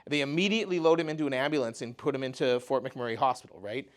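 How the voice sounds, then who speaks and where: Man, mid-pitch, casual storyteller at a mental health talk. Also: fast. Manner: conversational, often says "you know" and "right?".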